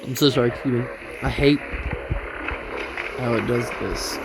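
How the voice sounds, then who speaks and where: A man's voice: mid-range voice, moderate pace. A young man giving casual, rambling gameplay commentary, joking and mocking himself. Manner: rambling, jokey, self-mocking. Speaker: gaming channel host. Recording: loud background noise.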